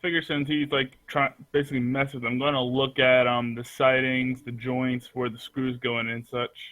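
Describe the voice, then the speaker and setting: A man's voice: mid-range voice, flat delivery, moderate pace, fairly bright tone. A man playing in a tabletop game, talking in a blunt, wry, casual way. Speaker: player.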